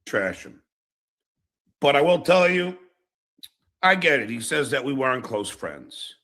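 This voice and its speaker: Brief: male podcaster, bright edgy tone, halting rambling delivery. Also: mid-range voice, very animated. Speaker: podcast host in a played clip. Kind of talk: casual podcast talk.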